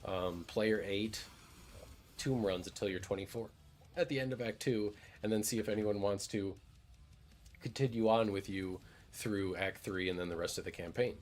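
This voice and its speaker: A gaming streamer chats casually over his gameplay, laid-back and rambling, with occasional swearing. His voice is on the low side, at a normal speed.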